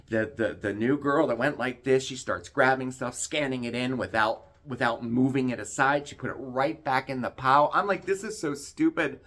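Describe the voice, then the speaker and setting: A man at an ordinary middle pitch tells a story as a casual vlog rant. He is worked up and indignant and acts out what other people said. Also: a bit bright. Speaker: vlog co-host.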